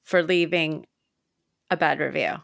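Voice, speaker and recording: A woman's voice: deep voice, unhurried, creaky, no echo, clean studio sound. A woman co-hosting a casual comedy podcast, telling stories in a chatty way. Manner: chatty storyteller, animated when retelling. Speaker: podcast co-host.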